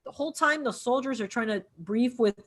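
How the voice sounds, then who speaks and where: A woman co-hosting a casual podcast about a film, talking animatedly and acting out the characters' lines in quick bursts. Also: a little high. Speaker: podcast co-host. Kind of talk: casual film discussion over drinks.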